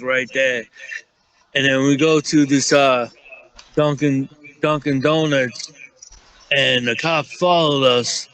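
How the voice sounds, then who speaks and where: A man's voice: fairly high pitch, sharp tone, poor audio. A man from Staten Island with a New York accent, telling rambling, profane stories in casual chat and acting out the quotes. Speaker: guest storyteller.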